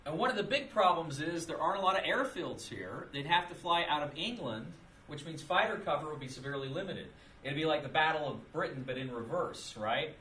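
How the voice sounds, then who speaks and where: A man's voice: on the high side, expressive, a little fast, pushed and bright, a little hiss or hum. A man giving an informal history lecture in a classroom, talking casually and repeating his points. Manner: casual, conversational, with repeated phrases and restarts.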